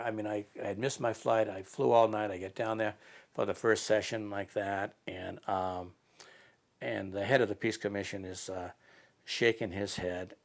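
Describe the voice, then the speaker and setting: Interviewee: man, lowish gravelly voice, halting anecdotal delivery. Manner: halting, many fillers and restarts. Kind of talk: casual storytelling.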